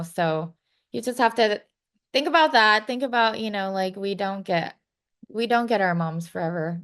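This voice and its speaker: A woman in her thirties talks frankly as a podcast guest, her voice sitting a little low for a woman. She gives advice in a loose, conversational way, leaning on "you know" and "like.". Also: fairly bright tone, clear, resonant tone. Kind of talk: casual advice chat.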